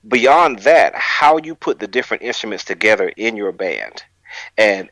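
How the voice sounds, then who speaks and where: A man on a podcast panel who lays out a measured argument at length. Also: lowish voice, sing-song, fairly bright tone, no room sound, rough recording. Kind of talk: casual panel discussion.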